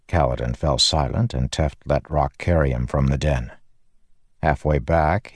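A man giving measured, scripted narration of a fantasy audiobook. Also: a bass voice, a little mellow, dry recording, studio quality.

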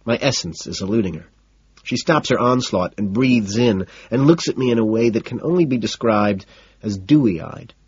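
A man reads a first-person novel in a cool, detached, deadpan manner. His voice is low and a little husky. The recording is dry, dull and lo-fi. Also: normal speed, dry recording. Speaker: audiobook narrator.

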